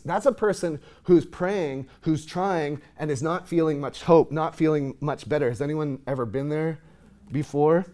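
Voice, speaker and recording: A man, a pastor, preaching an emotional sermon to his congregation, reading scripture with loud emphasis. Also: a little high, moderate pace.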